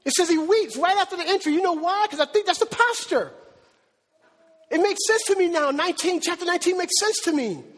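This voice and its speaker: A man's voice: very high-pitched, lively intonation, brisk, a bit bright, long reverb tail. A man preaching a conversational sermon in a church, full of rhetorical questions to the congregation. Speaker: pastor. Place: church sanctuary.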